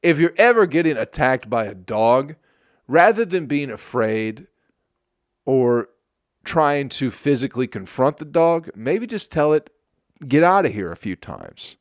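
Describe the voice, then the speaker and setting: A man from Michigan riffs through a sarcastic comedy podcast monologue, swearing freely and laughing at his own jokes. His pitch swings widely as he talks. The sound is close and dry. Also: big pitch swings, unhurried, no echo. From Flint, Michigan.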